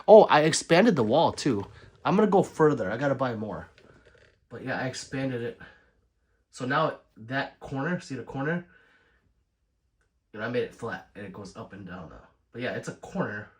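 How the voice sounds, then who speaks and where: Lively man chatting on a livestream. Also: medium pitch, normal speed, pauses often, husky. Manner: chatty, swings between loud and quiet asides. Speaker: livestream host. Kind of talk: casual chat reading viewer comments.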